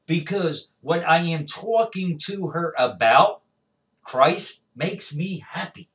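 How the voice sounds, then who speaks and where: Man, evangelist storyteller, fairly high voice, distant muffled recording. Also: takes it slowly. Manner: animated storyteller, repeats "all right?". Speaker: evangelist guest. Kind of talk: conversational testimony. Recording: dull distant lo-fi sound.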